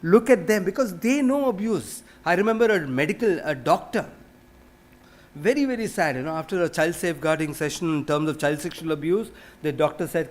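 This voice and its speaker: A man's voice: on the high side, fairly quick. Earnest Indian man addressing a conference. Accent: Indian English. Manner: earnest, drops to a hushed tone while recounting. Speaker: panel speaker. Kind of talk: conference speech. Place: conference hall.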